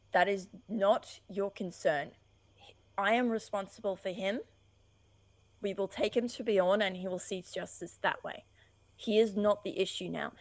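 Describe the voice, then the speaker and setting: A woman's voice: medium pitch, no room sound, close to an everyday voice, rough recording. A woman playing a bold, pushy young adventurer in her own everyday voice. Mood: firm.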